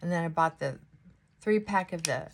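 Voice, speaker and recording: A woman's voice: on the low side, moderate pace, a little hiss or hum. A middle-aged woman chatting casually to viewers while she does her makeup at home. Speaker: beauty vlogger. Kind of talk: casual get-ready-with-me chat.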